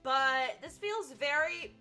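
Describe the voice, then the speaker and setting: A young woman streaming a video game, chatting excitably and laughing easily as she reacts. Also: sits high, takes it slowly, faint music behind. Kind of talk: casual gameplay commentary.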